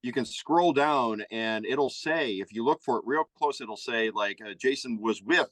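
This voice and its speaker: A man's voice: mid-range voice, normal speed, fairly bright tone, dry recording, rough recording. A man who hosts a TV show, chatting playfully over a video call and plugging his show. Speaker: TV show host, guest. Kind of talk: casual comedic chat.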